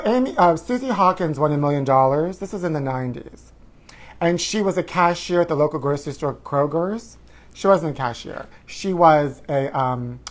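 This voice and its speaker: A man in his forties hosting a live stream, campy and theatrical, calling viewers honey and whooping as he chats through their comments. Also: fairly high pitch. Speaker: host.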